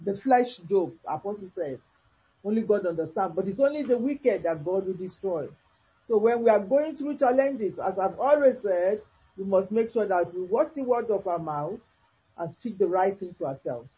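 A male preacher reading scripture aloud and expounding it, slow and declamatory, with sudden rises in pitch. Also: animated, slightly rough. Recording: dull lo-fi recording.

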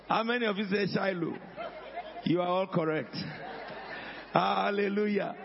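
A man preaching a sermon as pastor, calling on the congregation and rising to shouts. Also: sits high, long reverb tail, muffled recording. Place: church hall.

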